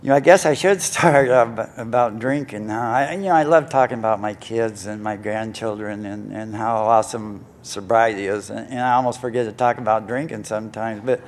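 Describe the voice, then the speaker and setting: An older man with a lowish voice tells his own story to a conference crowd. He rambles, leans on fillers and jokes at his own expense. A faint low rumble sits under the recording. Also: normal speed, few pauses. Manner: rambling, self-mocking, many fillers. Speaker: recovery meeting speaker. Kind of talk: personal story talk to an audience. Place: conference hall stage.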